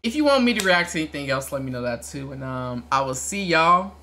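Excitable high-voiced reaction host. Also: male voice, a little fast, gravelly, a little hiss or hum. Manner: shouts and cries out in excitement, casual slang.

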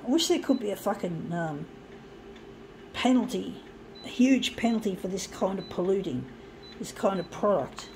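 Angry swearing woman, gravelly. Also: medium pitch, expressive, normal speed, long pauses, background noise. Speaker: craft vlogger. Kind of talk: ranting while crafting.

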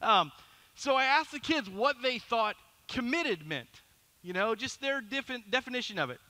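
A middle-aged man preaching a sermon as pastor, telling a story in an animated, self-deprecating way. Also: extremely high pitch, moderate pace.

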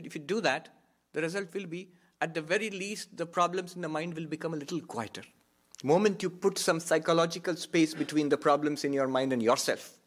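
A monk giving a reflective spiritual talk, repeating key phrases for emphasis. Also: male voice, a little high. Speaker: monk and Vedanta teacher.

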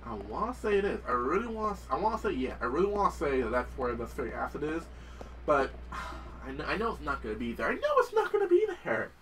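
A man's voice: medium pitch, expressive, fast talker, recorded from a distance, low-quality recording. A young man giving casual gameplay commentary, swearing and yelping when startled. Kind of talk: casual let's-play commentary.

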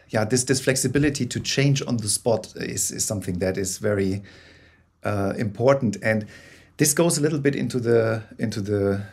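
A man, a guest on an interview podcast, explaining ideas in a lively, conversational way over a call, with many restarts. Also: fairly low pitch, normal speed, gravelly, breathy edge. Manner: many restarts, animated bursts, laughs. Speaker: guest, corporate storyteller.

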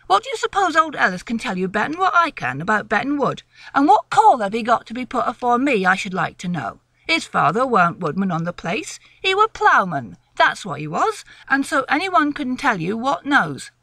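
Gruff old rural woodman near eighty, country dialect, dry close sound, read by a woman. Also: on the high side, big pitch swings, brisk, pushed and bright, no room sound, heavily acted. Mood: grumbling. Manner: country dialect speech, grumbling.

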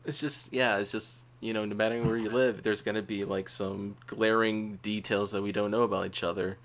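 A young man from Wisconsin hosting a casual podcast chat, loose and jokey and quick to laugh. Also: lowish voice, flat delivery. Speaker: podcast host.

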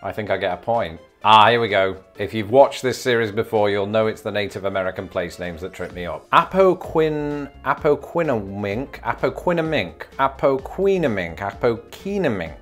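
A man's voice: lowish voice, steady tone, fairly quick, few pauses, a bit bright, soft background music. Playful Englishman sounding words out. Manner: playful, repeats words over and over sounding them out. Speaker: YouTube host. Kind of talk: casual vlog commentary.

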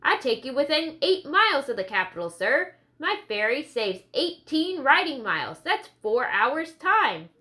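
A woman voicing a squat, sunburned ferry boatman in an audiobook reading, making a persuasive pitch. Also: sing-song, measured pace, hardly any pauses, pushed and bright, heavily acted.

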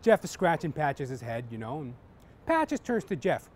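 Man telling jokes on stage, rambling, animated pitch, faint background noise. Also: unhurried. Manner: rambling, full of "you know". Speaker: stand-up comedian. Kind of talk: stand-up joke telling.

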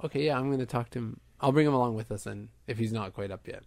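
Gravelly man joking at the game table. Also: medium pitch, quick pace, no room sound. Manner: joking, impulsive. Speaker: player.

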